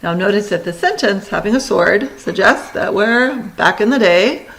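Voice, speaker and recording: A woman teacher giving a recorded lesson, talking students through steps in brisk, directive instructions. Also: medium pitch, lively intonation, fairly bright tone, low-quality recording.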